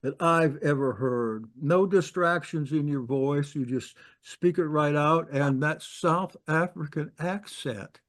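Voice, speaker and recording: A man hosting an online talk, introducing a guest in an unhurried way, praising him freely, with some ums. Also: on the high side. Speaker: host.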